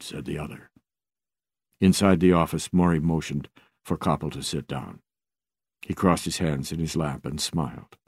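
A man reading a book aloud on radio in a measured, even narration. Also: a bass voice, vocal fry, no echo, clean studio sound.

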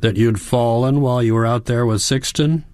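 A man's voice: medium pitch, fairly even intonation, moderate pace, a little mellow, dry recording, voice pushed up, natural voice. A man voicing an anxious young granddaughter. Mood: worried, earnest. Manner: earnest, pleading. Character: worried young woman, caring granddaughter.

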